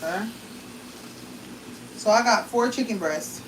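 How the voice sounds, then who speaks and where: An American woman chatting casually while she cooks in her home kitchen, now and then calling out loudly across the house. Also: mid-range voice, a little slow, slight background noise. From United States. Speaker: cooking vlogger. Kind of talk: casual chat while cooking. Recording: echoey kitchen, mic at a distance. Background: food sizzling in a pan.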